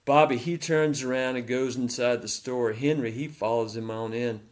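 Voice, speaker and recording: Male storyteller, mid-pitched, reading his own fiction at a measured crawl, repeating phrases to linger on details. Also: fairly even intonation. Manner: slow, deliberate and repetitive, lingering on details.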